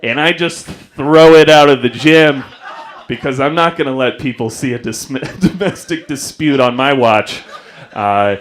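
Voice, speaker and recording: Young male stand-up, mid-pitch voice, self-mocking storyteller, club stage mic. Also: unhurried. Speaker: stand-up comedian. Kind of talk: stand-up comedy set.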